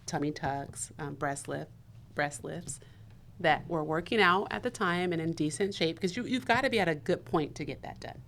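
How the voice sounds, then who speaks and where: A woman co-hosting a podcast, agreeable and quick to chime in during casual talk. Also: low-pitched, a bit bright, a little hiss or hum. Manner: agreeable, chimes in often with short replies. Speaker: podcast co-host.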